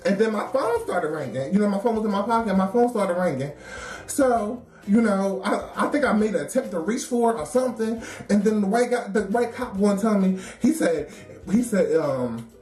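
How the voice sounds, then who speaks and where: A woman telling a story in a casual, animated, wry way, laughing often. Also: mid-range voice, normal speed. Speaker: storyteller in a documentary. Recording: roomy echo with faint music.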